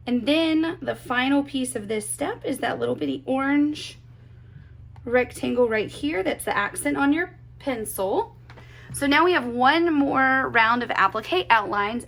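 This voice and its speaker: Woman, friendly sewing instructor, talky and upbeat, a little high in pitch. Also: gravelly, a bit bright. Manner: chatty, upbeat, calls things cute. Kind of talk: tutorial narration.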